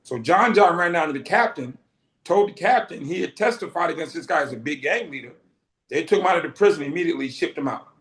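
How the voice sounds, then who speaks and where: A middle-aged Boston man, appearing as an interview guest, tells his story vividly and acts out the dialogue he quotes. His voice is fairly high, expressive, fast and a bit bright, and the recording has a roomy echo.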